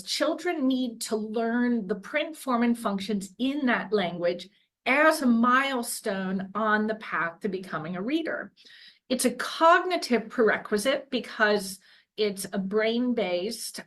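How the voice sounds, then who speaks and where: A woman's voice: medium pitch, a bit bright, poor audio. A woman researcher explaining her early literacy work in an earnest, careful way, often correcting herself mid-phrase. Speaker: education researcher. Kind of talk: explanatory talk.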